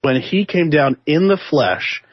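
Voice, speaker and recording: A man co-hosting a casual faith discussion, animated and jokey, often acting out what other people say. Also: fairly high pitch, measured pace, breathy edge, no room sound, muffled recording.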